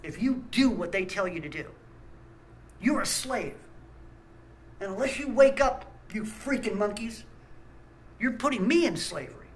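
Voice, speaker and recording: A man's voice: high-pitched, lively intonation, measured pace, long pauses, a little hiss or hum, rough recording. A man, host of a small ministry channel, ranting angrily with blunt talk and stammered restarts. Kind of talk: angry ranting monologue.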